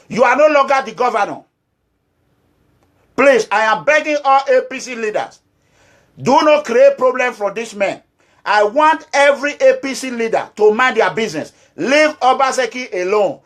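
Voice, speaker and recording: A Nigerian-accented man speaks in an unusually high, piercing voice. He is an activist leader giving a fiery political address, alternately scolding and pleading, and he hammers his points by repeating short phrases. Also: a bit bright. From Nigeria, Edo State.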